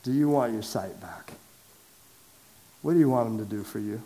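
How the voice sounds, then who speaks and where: A man preaching to a large church congregation, conversational and lively, asking them direct questions and raising his voice for emphasis. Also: lowish voice, normal speed. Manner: lively and conversational, swings from quiet asides to loud emphatic calls. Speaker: pastor. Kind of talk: sermon. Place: large church sanctuary with a downstairs.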